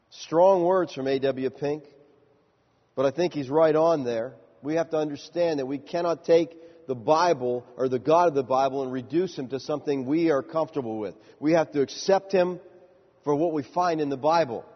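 A man preaching a sermon, emphatic, climbing higher to stress his points. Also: normal speed. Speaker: pastor. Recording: muffled sound with long hall reverb.

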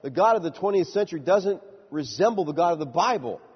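Male pastor, sermon, emphatic, slightly high and husky, in an echoing hall. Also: expressive, quick pace. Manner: emphatic, rises in pitch to stress points. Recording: muffled sound with long hall reverb.

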